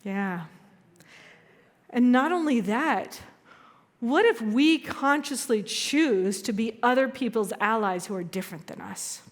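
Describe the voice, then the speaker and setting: A fairly high-voiced woman minister speaks to her congregation in a loose, storytelling way, poking fun at herself as she goes. Her voice rings out with a long reverb from a large hall. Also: animated, takes it slowly. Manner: chatty, storytelling, self-deprecating humor. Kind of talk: conversational sermon. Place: church sanctuary.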